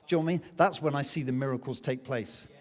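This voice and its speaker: A man preaching a sermon as pastor, telling a story with lively acted-out quotes. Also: medium pitch, quick pace. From England. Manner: animated storytelling, acts out quoted voices. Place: church hall. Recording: long hall reverb.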